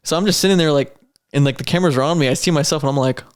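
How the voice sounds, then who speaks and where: A man's voice: on the high side, racing, clear, resonant tone. A man from Idaho, an amateur mixed martial arts fighter, telling stories in a casual podcast chat, rambling and packed with "like.". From Idaho, USA. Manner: rambling storyteller, heavy use of "like". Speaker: amateur MMA fighter guest.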